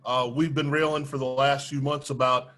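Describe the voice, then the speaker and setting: A man's voice: mid-range voice, level tone, moderate pace, fairly bright tone. A man hosting a sports interview show, chatting casually with his guest. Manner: conversational, affirming with short replies. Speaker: interview host.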